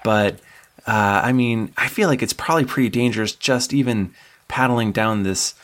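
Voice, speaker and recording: A man's voice: mid-range voice, a bit bright, close to an everyday voice. A man voicing a wordy, nervous male scholar guide who stammers and repeats himself. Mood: cheerfully worried. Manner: stammering, halting, repeats words.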